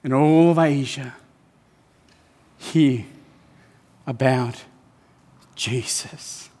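An impassioned male pastor delivers a sermon in a high voice, often doubling words as he builds momentum. His words ring through a hall with a long, trailing reverb. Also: expressive, unhurried, fairly bright tone. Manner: impassioned, repeats words when stirred.

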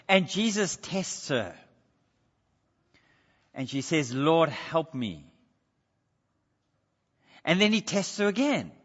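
A man's voice: sits high, sharp tone. A man preaching a sermon in an earnest, questioning way, with slips and self-corrections. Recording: dull sound with long hall reverb.

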